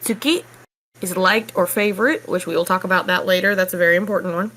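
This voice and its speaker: A woman teaching a casual online language lesson, explaining in a relaxed, chatty way with casual fillers. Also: on the low side, quick pace.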